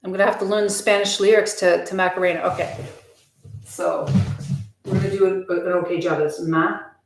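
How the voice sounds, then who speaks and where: A woman's voice: on the low side, steady tone, fast talker, slight background noise. Chatty woman streamer in a roomy space. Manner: candid, chatty, reads and answers viewer comments. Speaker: live streamer. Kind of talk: casual live-stream chat. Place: home room. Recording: roomy echo.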